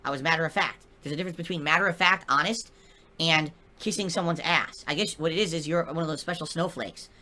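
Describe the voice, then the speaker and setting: Fast, bright-voiced defiant streamer. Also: mid-range voice. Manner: defiant, dismissive. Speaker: streamer in clip. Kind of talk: live stream talk.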